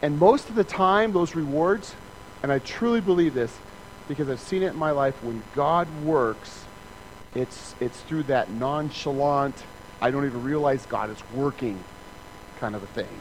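A man's voice: on the high side, unhurried, slight background noise, poor audio. A man preaching a sermon in a conversational way, acting out little scenes with voices and sound effects and often asking "right?". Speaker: pastor.

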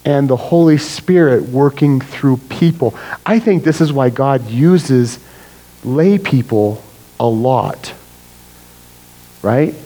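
A middle-aged man preaching a conversational sermon, animated and full of "right?" asides. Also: a little high, rough recording.

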